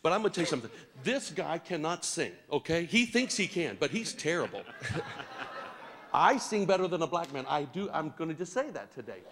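A man's voice: a little high, big pitch swings, moderate pace, fairly bright tone. A man preaching to a congregation in a church hall, coaxing them with playful teasing and jokes. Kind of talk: lively interactive church talk.

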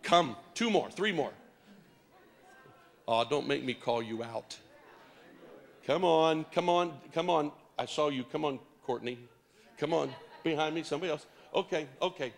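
High-voiced man teasing his congregation. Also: a little slow, gravelly, pauses often. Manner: teasing, coaxing the crowd with playful jokes. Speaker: preacher leading a congregation. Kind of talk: lively interactive church talk.

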